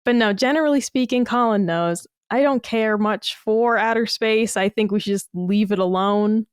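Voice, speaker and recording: A woman talks on a podcast in a blunt, animated, unfiltered way and swears freely. Her voice is smooth and clear, recorded close and dry with no room sound. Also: mid-range voice, moderate pace, no echo. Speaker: podcast guest. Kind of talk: casual podcast chat.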